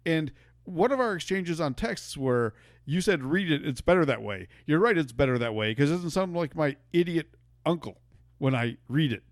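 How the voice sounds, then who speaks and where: A man's voice: on the high side, animated, moderate pace, no echo, clean studio sound. A man hosting a podcast, debating casually, stammering through restarts and swearing as he gets worked up. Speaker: podcast host.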